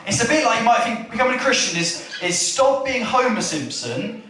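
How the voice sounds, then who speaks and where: A high-voiced man gives a chatty church sermon and keeps turning to his listeners with questions. He is recorded from far off in a hall with a strong echo. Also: brisk, slight background noise. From England. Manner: chatty, asks the room questions, animated retelling. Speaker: preacher.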